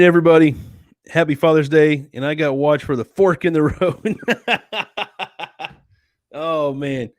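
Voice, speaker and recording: A man's voice: fairly high pitch, dry recording, studio quality. Laid-back man chatting on a live stream. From United States. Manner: easygoing, chatty, calls viewers sweetie and dude. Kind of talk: casual chat reading viewer comments. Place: home at night.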